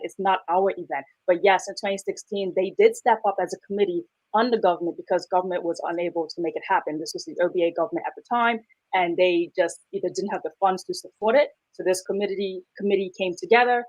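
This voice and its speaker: A woman, co-hosting a talk show and reading the news in a brisk, chatty way. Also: fairly low pitch, a little mellow, low-quality recording. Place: radio talk show studio.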